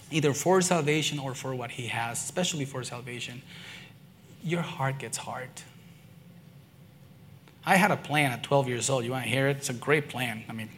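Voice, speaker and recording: A man with children preaching a sermon, telling personal stories in an earnest way that swings from hushed to excited. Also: mid-range voice, a little hiss or hum. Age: adult, father and son-in-law. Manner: earnest storytelling, swinging between quiet and excited. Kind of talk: sermon testimony.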